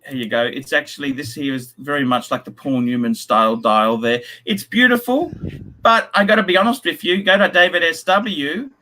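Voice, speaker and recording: A man's voice: a little high, moderate pace, pushed and bright, a little hiss or hum. A man hosting a casual livestream, reading donations and ranting bluntly with lots of swearing. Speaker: livestream host.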